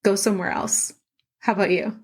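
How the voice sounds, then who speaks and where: A woman co-hosting a casual book-club podcast, retelling the story in an animated way and giggling often as she acts out characters' lines in quick quoted bits. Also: medium pitch, creaky, slightly rough. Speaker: podcast co-host.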